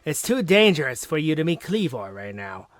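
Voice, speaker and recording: Man doing a swaggering game warden, self-important and lively in pitch, a bit high. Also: normal speed, dry recording. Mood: boastful. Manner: pompous, grandiose declarations. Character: boastful male clan warden, proud and dramatic.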